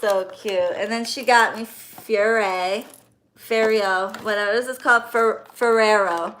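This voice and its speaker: In a casual chat with her viewers, a woman in her thirties opens birthday gifts and pours out grateful thanks. Her medium, fairly bright voice is a little slow with fairly even intonation, and a slight hiss or hum is audible.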